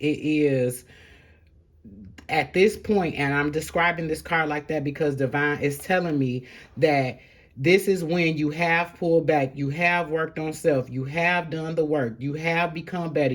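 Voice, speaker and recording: A woman giving a casual, spiritual tarot reading to camera, heartfelt and encouraging, rambling with fillers as she speaks straight to her viewers. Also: low-pitched. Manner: encouraging, addresses viewers directly. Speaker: tarot reader.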